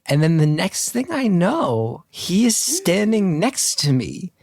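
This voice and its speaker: A man's voice: sits high, sing-song, takes it slowly, darkish tone, no echo, studio quality. A man from North Jersey telling a long, self-deprecating story on a video call, swearing freely and acting out the voices of the people in it. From North Jersey, United States. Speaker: guest storyteller. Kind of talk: casual anecdote told on a video call.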